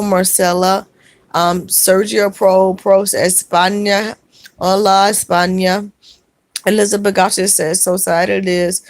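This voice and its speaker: A woman hosting a livestream, reading viewers' comments aloud and answering them in a soft, halting way with many fillers. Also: medium pitch, dry recording. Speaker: livestream host.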